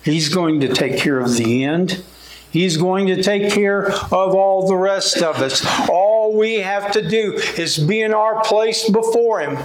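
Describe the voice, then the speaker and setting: Man, preacher, sermon, high voice, folksy, lifts his voice on scripture quotes, echoey room. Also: a little slow.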